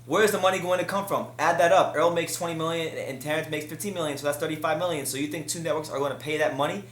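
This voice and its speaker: A man hosts a solo boxing commentary in a fired-up, exasperated manner. His voice sits a little high, and it climbs even higher whenever he vents. The room around him is noticeably echoey. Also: fast, slight background noise. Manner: heated, rising pitch when frustrated. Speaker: boxing news host.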